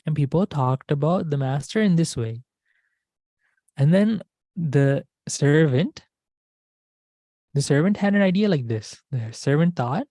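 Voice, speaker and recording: Mellow-voiced Dhamma school teacher telling a story. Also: medium pitch, lively intonation, a little slow, pauses often, no echo. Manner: repetitive, asks the class questions. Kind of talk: storytelling lesson.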